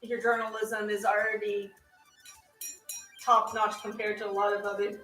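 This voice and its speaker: A woman's voice: medium pitch, completely flat delivery, moderate pace, pushed and bright, echoey room, soft background music, poor audio. A woman co-hosting a podcast, chatting casually and reading out viewer comments in an upbeat way. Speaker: podcast co-host. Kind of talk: casual live-stream chat.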